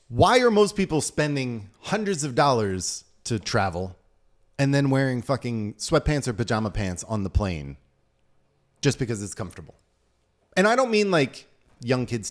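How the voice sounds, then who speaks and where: A middle-aged man hosts a casual podcast chat, telling stories with plenty of swearing. His pitch moves widely, and he loudly acts out what other people said. He talks with an easy, storytelling energy. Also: very animated, a little slow, pauses often. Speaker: podcast host.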